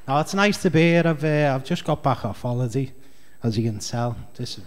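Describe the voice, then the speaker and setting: A man's voice: mid-range voice, normal speed. A man with a Scouse accent doing a rambling, chatty stand-up comedy set on a club stage. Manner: rambling, chatty, heavy on fillers.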